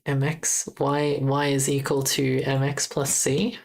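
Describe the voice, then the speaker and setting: A woman's voice: a bass voice, level tone, takes it slowly, darkish tone, low-quality recording. A young Australian woman with an Australian accent, chatting casually on a livestream while she codes, thinking aloud and correcting herself. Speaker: game jam streamer.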